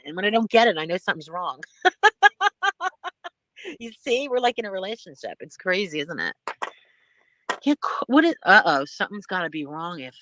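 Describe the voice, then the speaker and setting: A woman's voice: mid-range voice, a bit bright, no room sound. A middle-aged woman hosting a live stream in casual chat, rambling from one thing to the next and laughing often.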